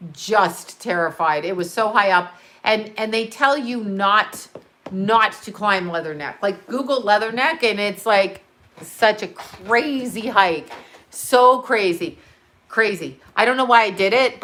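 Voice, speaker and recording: Middle-aged female livestream host, bright edge to the voice, excitable and rambling, casual chat into a desk mic. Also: medium pitch. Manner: rambling, excitable storytelling with fillers. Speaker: channel host.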